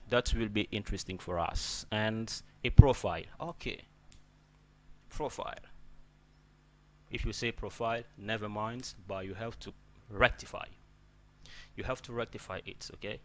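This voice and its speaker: A man's voice: fairly low pitch, a bit bright. A man teaching an English pronunciation lesson, repeating words and checking in with "okay?" after nearly every point.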